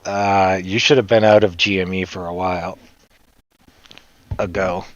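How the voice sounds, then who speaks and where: A man's voice: deep voice, little pitch movement, unhurried. A man with a Canadian accent hosting a casual livestream, rambling and joking as he chats. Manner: rambling, joking, laughs often. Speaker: livestream host. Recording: dull lo-fi sound.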